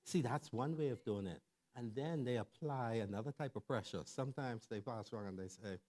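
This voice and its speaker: A middle-aged man giving a lively sermon-style talk on family and parenting, telling stories conversationally and checking in with the audience. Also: mid-range voice, brisk. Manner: animated storyteller who acts out quoted voices. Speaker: church speaker on family and mental health.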